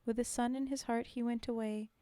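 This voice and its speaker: A woman's voice: a little high, fairly even intonation, fairly quick, mellow, no room sound. A woman on a live stream reciting poems aloud through a desk mic, with chatty, self-deprecating asides to her viewers. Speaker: streamer reading poetry. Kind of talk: live-stream poetry reading with casual chat. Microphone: desk mic on a streaming setup.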